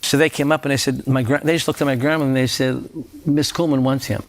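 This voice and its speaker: Man telling his story, mid-pitched. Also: fairly even intonation, quick pace. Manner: conversational storyteller who repeats himself. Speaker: faith healer telling his story as a guest. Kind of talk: personal testimony in an interview.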